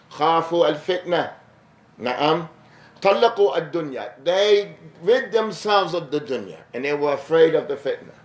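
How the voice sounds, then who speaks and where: A man teaching a mosque lesson, reciting Arabic verses quickly and then explaining them in English with rising emphasis. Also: a little high. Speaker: imam teaching a class. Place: mosque hall. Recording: echoey mosque room.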